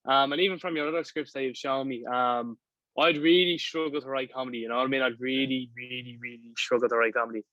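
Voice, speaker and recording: A man's voice: medium pitch, fairly even intonation, fast talker, bright, forceful tone, no room sound, low-quality recording. Young Dublin man, chatty and rambling. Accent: Dublin Irish. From Ireland. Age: young adult. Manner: rambling, full of "you know what I mean". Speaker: guest filmmaker. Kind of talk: casual chat.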